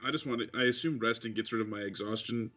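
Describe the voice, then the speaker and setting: A man's voice: lowish voice, fast, fairly bright tone, dull audio, faint music behind. A man playing a tabletop game, blunt and joking, rambling about his character's ideas. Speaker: player. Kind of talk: tabletop role-play chat.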